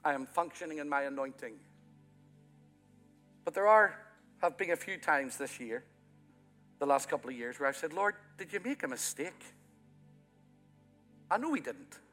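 Bright-voiced Irish-born preacher, soaring and hushed. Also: male voice, a little high, lively intonation, moderate pace, long pauses. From Ireland. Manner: impassioned preaching, swelling loud then dropping soft. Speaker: pastor. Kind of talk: sermon. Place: church. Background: soft music from the church band.

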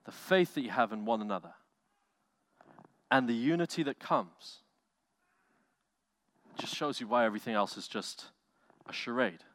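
A male pastor preaching a sermon with animated delivery, swinging from loud bursts to quiet, low lines and acting out quotes. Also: normal speed, pauses often. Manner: animated preaching with acted-out quotes, loud swells and soft drops.

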